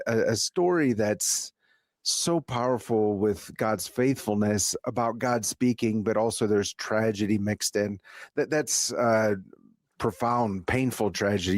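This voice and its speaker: A man's voice: on the low side, no room sound, studio quality. A man hosting a talk show, introducing his guest and recapping the story with many hesitations and light laughs. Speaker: radio talk host. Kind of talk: radio interview hosting.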